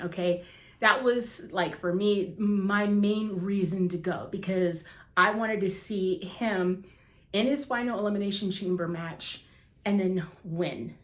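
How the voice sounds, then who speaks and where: Woman in her 30s fangirling about wrestling, super emotional, lots of oh my gosh, roomy echo. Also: mid-range voice. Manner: gushing, emotional, says "you guys" and "oh my gosh" a lot. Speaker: wrestling vlogger. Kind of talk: excited casual chat to camera. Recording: echoey room.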